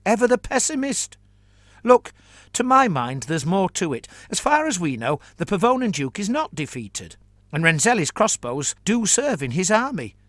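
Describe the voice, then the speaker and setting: Man voicing a sarcastic chancellor; dismissive, bright and edgy delivery. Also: high-pitched, big pitch swings, no echo, clean studio sound, voice pushed up. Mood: confident. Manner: sardonic, brisk, dismissive. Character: sarcastic confident male mercenary chancellor.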